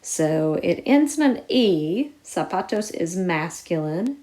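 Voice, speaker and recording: A woman teaching a recorded lesson, explaining each step clearly and putting stress on key words. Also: fairly low pitch, big pitch swings, takes it slowly, darkish tone. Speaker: Spanish teacher.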